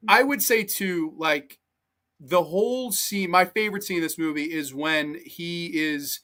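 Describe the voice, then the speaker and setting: A man hosting a casual movie podcast, excitable, swearing freely and reading out live comments. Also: fairly high pitch, unhurried. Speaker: podcast host. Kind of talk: casual chat.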